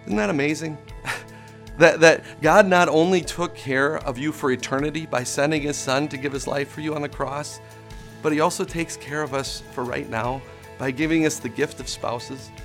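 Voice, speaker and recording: A man's voice: on the high side, fairly even intonation, normal speed, fairly bright tone, faint music behind. A man preaching a conversational sermon, often restarting words and chuckling as he talks.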